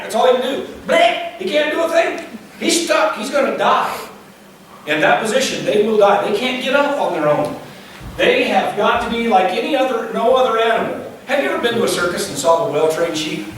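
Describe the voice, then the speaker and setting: A man's voice: high voice, a bit bright, slight background noise. A male pastor preaching a folksy, joking sermon and now and then imitating bleating sheep. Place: church sanctuary. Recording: very echoey hall, distant mic.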